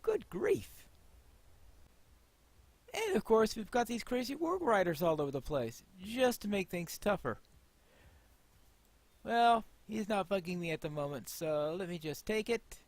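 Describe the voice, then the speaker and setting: A man chats casually over his gameplay in a fairly high voice, wry and thinking out loud. The sound is dry and close to the mic, with no room echo. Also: sing-song, normal speed. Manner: chatty, wry, thinks aloud. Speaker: gameplay host.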